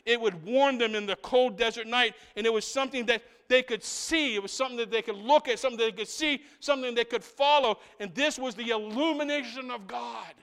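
Guy preaching in church, high smooth voice, goes big then drops way quiet, keeps saying "right?". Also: brisk, few pauses, big-room sound. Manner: swings between loud, rising proclamation and hushed, intimate asides; keeps checking in with the congregation with a repeated "right?". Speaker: pastor. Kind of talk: sermon.

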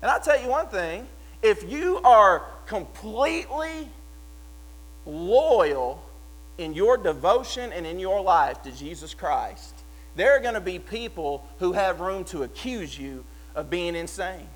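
Impassioned high-voiced preacher man. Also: sing-song, unhurried, rough recording. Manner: impassioned, swings from loud to hushed. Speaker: pastor. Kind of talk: sermon.

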